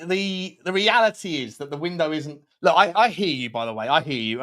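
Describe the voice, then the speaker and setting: A man's voice: on the high side, fairly bright tone. A young man hosting a live stream, chatting casually, reading out viewer comments, swearing and laughing often. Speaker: host.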